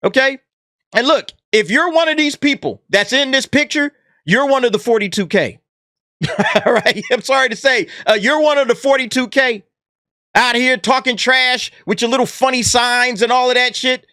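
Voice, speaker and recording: A man's voice: very high voice, normal speed, pushed and bright, dry recording, clean studio sound. A man hosting a commentary channel, talking in a brash, mocking and profane way, laughing at the people he talks about. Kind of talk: casual commentary monologue.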